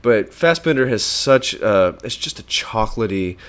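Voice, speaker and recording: A man co-hosting a casual film podcast, animated and profane, acting out movie lines as he talks. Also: fairly low pitch, normal speed, clean tone. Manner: animated, swearing, acts out movie lines in bursts. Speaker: podcast co-host.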